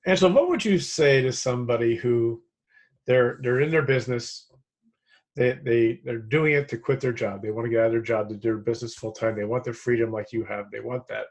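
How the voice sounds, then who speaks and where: A man's voice: mid-range voice, fairly quick. A man hosting an interview, affirming his guest and asking open questions. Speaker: interview host. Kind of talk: casual interview.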